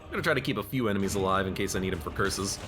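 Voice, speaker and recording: Man, game streamer, casual chatty commentary, animated pitch, game music behind. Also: rapid-fire. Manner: chatty, jokes at the game and at himself.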